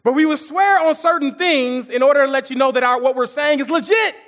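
A man's voice: very high voice, brisk, fairly bright tone, in a large hall. A male pastor preaching a sermon in a church auditorium, in a conversational way with repetitions and asides to the congregation.

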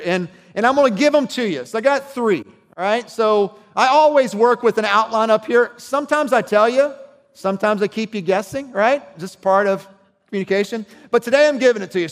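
A man's voice: high-pitched, long reverb tail. A man preaching a sermon as pastor, talking conversationally and checking in with his listeners.

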